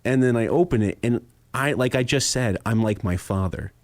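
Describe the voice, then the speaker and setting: A man's voice: medium pitch, normal speed, no echo. A young man hosting a podcast, telling a story with lots of acted-out quotes. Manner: animated storyteller, acts out quoted voices. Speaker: podcast host. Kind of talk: casual chat, storytelling.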